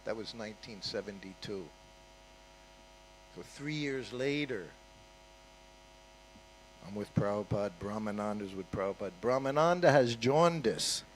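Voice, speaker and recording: A man's voice: fairly low pitch, lively intonation, measured pace, long pauses, a little hiss or hum, poor audio. An older man giving an informal storytelling talk at a temple, conversational and full of asides. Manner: conversational, with frequent "you know" and "huh?" asides. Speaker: guest speaker at a temple.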